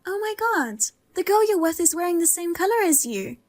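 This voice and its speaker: A woman's voice: extremely high pitch, big pitch swings, brisk, darkish tone, no room sound. A woman voicing a pregnant young wife who teases and taunts her cheating husband in a dubbed drama. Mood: teasing. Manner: teasing, taunting.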